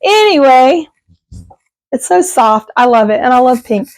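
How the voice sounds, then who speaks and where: A middle-aged woman talks to her viewers in a loose, rambling way, laughing now and then. Her voice sits fairly high, and the recording is dry, with no room sound. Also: animated, measured pace, dry recording. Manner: rambling, chatty, laughs often. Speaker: vlogger. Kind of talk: casual chat.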